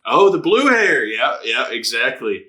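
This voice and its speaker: A man's voice: medium pitch, very animated, measured pace, bright, forceful tone. A man hosting an anime reaction video, chatting casually, laughing often, swearing and acting out characters' lines. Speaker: anime reaction channel host.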